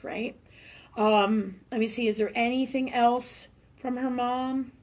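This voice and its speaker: A woman hosting a live psychic reading, chatty and emotional, laughing often and filling pauses with "um". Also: fairly high pitch, fairly even intonation. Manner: warm, chatty, laughs often, many fillers. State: tearful at times. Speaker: psychic medium host.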